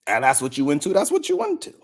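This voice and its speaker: A man hosting a podcast, delivering a mocking roast monologue that swings from loud shouts to low mutters. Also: huge pitch swings, fast, vocal fry. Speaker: podcast host.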